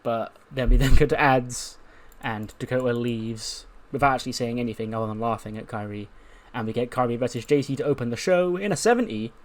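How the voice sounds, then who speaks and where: A man's voice: medium pitch, fairly quick, few pauses. A young man casually narrating a game playthrough in a rambling, offhand way, swearing now and then. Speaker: let's-play narrator.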